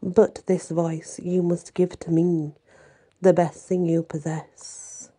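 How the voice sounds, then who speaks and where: A woman's voice: lowish voice, level tone, slow pace, dark tone, slightly rough. A woman voicing a scheming old sea witch, menacing and partly whispered.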